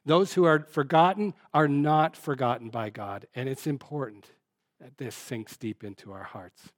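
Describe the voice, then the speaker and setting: A man's voice: medium pitch, moderate pace, no room sound, studio quality. A man preaching a sermon in an earnest, conversational way, posing rhetorical questions and often restarting his sentences. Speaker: pastor.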